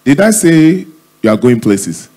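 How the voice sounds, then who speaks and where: A man playing an excitable middle-aged male preacher with a Nigerian accent, exhorting and preachy, in a stand-up act. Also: mid-range voice, a little slow. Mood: impatient. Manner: preachy, exhorting, shouty at times.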